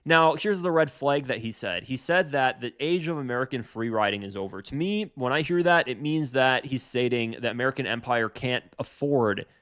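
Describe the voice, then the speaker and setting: Guy ranting about a news clip, heated, keeps repeating himself, mid-pitched voice. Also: moderate pace, hardly any pauses, a bit bright, clear, resonant tone. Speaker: political commentator. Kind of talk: opinionated commentary on a clip.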